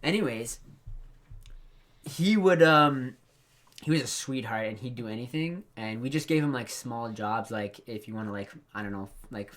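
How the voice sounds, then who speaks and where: A man's voice: medium pitch, animated, moderate pace, fairly bright tone. A young man in casual podcast chat, spinning long, crude stories full of filler words. He keeps breaking into laughter as he tells them. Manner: rambling, profane storyteller who laughs through his own stories. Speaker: podcast co-host.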